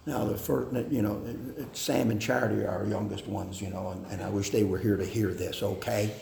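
A man preaching a sermon on family life, slow and deliberate, with hesitant fillers. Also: fairly low pitch, fairly even intonation, creaky, dark tone. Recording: echoey hall with faint noise.

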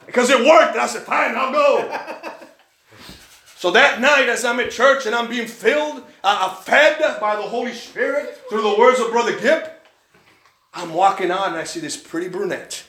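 A man preaching a sermon, telling a personal story with animated delivery and acting out the other people's lines. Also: high voice, moderate pace, reverberant. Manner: animated storytelling, acts out quoted voices. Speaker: pastor. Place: church.

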